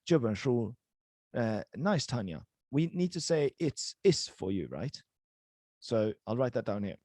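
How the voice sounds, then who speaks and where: A man's voice: mid-range voice, big pitch swings, unhurried, darkish tone, no room sound. A man teaching a live online language class over a video call, in a casual, encouraging way with many fillers.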